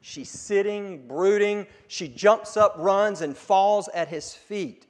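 A male pastor preaching a sermon, earnest and emphatic at peaks, then dropping to a hush. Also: high voice, slow. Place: church sanctuary. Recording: long reverb of a church hall.

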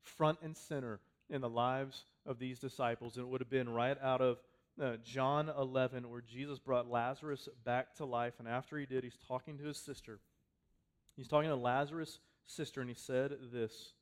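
A pastor preaching a sermon to his congregation, talking conversationally and repeating phrases for emphasis, swinging from loud to quiet. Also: medium pitch, fairly even intonation, moderate pace. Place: church hall with a congregation.

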